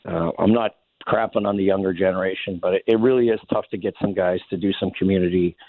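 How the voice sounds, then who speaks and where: A man's voice: low voice, steady tone, fast, dry recording. A man from Saskatchewan, telling a rambling story as an interview guest with many restarts and chuckles. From Saskatchewan, Canada. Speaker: interview guest, former hockey player. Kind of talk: casual anecdotal storytelling. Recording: phone-like narrow band, dry.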